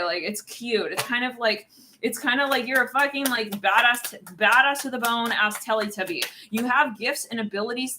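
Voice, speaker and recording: A woman's voice: mid-range voice, bright, forceful tone, slight background noise. A woman doing a channeled tarot reading, talking in a rambling, searching way with many restarts and the odd swear word. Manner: casual, drops swear words. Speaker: tarot reader.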